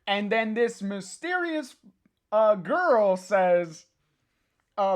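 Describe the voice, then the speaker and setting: Slow, halting live-stream comic reader. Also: mid-range voice, animated. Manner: hesitant, full of filler sounds and restarts; chats directly to a viewer in the live chat. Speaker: live-stream host reading a comic aloud. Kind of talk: casual live-stream read-along.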